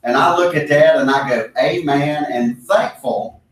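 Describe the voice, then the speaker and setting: A man's voice: a little high, unhurried. Earnest man teaching in an echoey room. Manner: earnest, emphatic, repeating key phrases for stress. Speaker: Bible study leader. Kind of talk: Bible study discussion. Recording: echoey room, mic far off.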